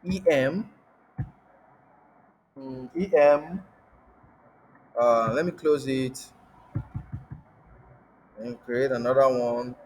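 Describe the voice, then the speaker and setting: This man's medium-pitched, darkish voice moves extremely slowly, broken by long pauses, and sounds like it fills a big room on a low-quality recording. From Africa, he teaches coding over screen share, repetitive in style, often stopping to ask the class rhetorical "what?" questions.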